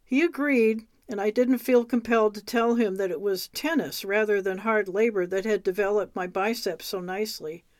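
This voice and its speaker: A woman reading a memoir aloud in a measured, wry way. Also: mid-range voice, no echo, clean studio sound. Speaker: reader.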